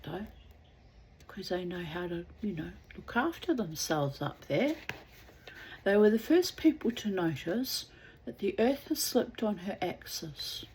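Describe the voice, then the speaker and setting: A woman's voice: medium pitch, darkish tone, a little hiss or hum. A middle-aged woman reading aloud and rambling in wry asides, sometimes dropping to a whisper. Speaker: reader.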